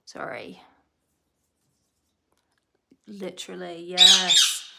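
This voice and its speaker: A woman's voice: medium pitch, animated, a little slow. A British woman chatting casually to her viewers and scolding her pet bird between sentences. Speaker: pet bird owner and channel host. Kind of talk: casual live chat with viewers. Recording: loud parrot squawks and clicks behind her. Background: parrot squawking.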